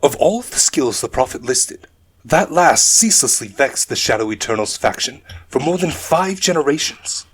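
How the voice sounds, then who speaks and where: A man narrating a dark fantasy audiobook in a measured storytelling manner. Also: mid-range voice, expressive, husky.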